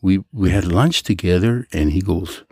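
A man telling stories from his life in a casual interview, animated and acting out the voices of others. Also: moderate pace, breathy edge, no echo. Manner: animated storyteller, jumps high to act out quoted voices; Christian, speaks of his faith. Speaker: guest.

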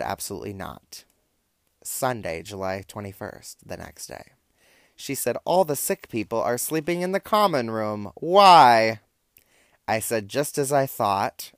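Young man, low voice, dry close sound, casual storytelling, wry campy asides. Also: gravelly, dry recording. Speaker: vlogger recapping text messages. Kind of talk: casual storytelling, reading out texts.

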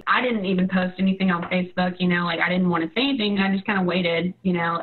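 A woman in her twenties, a new nursing graduate, telling her story casually and leaning on "you know" and "like". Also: on the low side. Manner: chatty, leans on "you know" and "like". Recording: tinny phone-like line.

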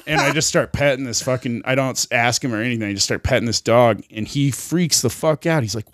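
A man's voice: mid-range voice, fast, no echo. A man in the middle of his range tells a rambling story, cursing freely and chuckling at himself. The sound is dry and close, with no room in it. His talk is loose and casual, full of "like" and restarts. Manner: rambling, swears a lot, laughs mid-story. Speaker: podcast co-host.

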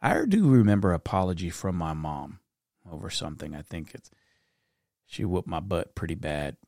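A middle-aged man hosting a reflective solo podcast, talking earnestly in a storytelling way that turns soft-spoken at times. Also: low voice, lively intonation, moderate pace, vocal fry, dry recording, studio quality. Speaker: podcast host.

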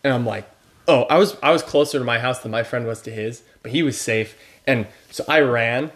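A man's voice: mid-range voice, fairly quick. A young man co-hosting a podcast, chatting casually with dry, self-deprecating humor. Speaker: podcast co-host. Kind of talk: casual chat.

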